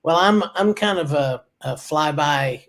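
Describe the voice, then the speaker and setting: A man's voice: a little high, lively intonation, unhurried, a bit bright. A man co-hosting a marketing talk show, easygoing and self-deprecating in casual chat.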